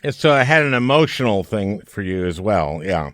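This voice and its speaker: A man's voice: on the low side, big pitch swings, moderate pace, fairly bright tone, no echo, studio quality. An older man hosting a podcast, chatting casually and telling stories with frequent laughs. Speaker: podcast host. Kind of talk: casual interview chat.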